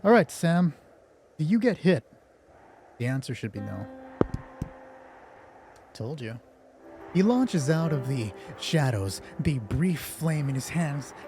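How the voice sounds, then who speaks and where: A man's voice: on the high side, sing-song, takes it slowly, pauses often, darkish tone, faint music behind. A man running a tabletop game on a live stream as game master, joking and mocking himself, a little nervous. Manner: joking, self-mocking and chatty. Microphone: headphones on, streaming from home.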